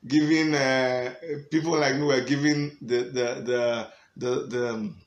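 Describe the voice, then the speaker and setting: A man's voice: mid-range voice, steady tone, a little slow, echoey room, lo-fi sound. A middle-aged Nigerian man with a Nigerian accent, giving an emphatic vlog rant that switches between Pidgin and English, chuckling often. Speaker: political party member.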